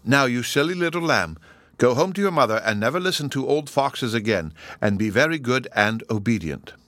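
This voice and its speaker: A man's voice: mid-range voice, animated, moderate pace, fairly bright tone, no echo, lightly acted. A man voicing a stern lion who lectures the others in a storybook tale. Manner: lordly, lecturing. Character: stern, kindly male lion.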